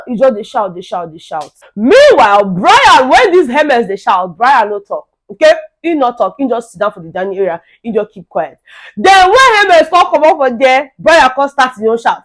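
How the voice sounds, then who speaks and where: A woman's voice: fairly high pitch, a little fast. A young woman with a Nigerian accent gives a casual gossip recap, mixes in pidgin, and acts out what others said. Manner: animated, mixing in pidgin, acting out quotes. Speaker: vlogger recapping a reality show.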